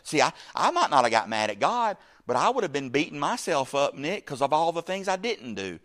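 A middle-aged man preaching a sermon, animated, shifting from loud bursts to quiet asides and acting out the voices in his story. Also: on the high side, a little fast, few pauses. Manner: acts out quoted speech in the story.

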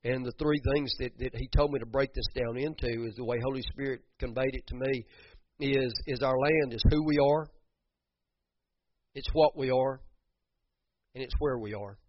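A man's voice: medium pitch, steady tone, normal speed, long pauses, lo-fi sound. A middle-aged man preaching a sermon, fervent, repeating phrases for emphasis and restarting his sentences often. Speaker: pastor.

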